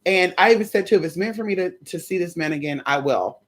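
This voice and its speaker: A young adult woman telling her viewers a story in a casual, animated way. She swears freely and keeps calling them y'all. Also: lowish voice, quick pace. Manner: animated, chatty, profane, addresses viewers as y'all. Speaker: spiritual content creator.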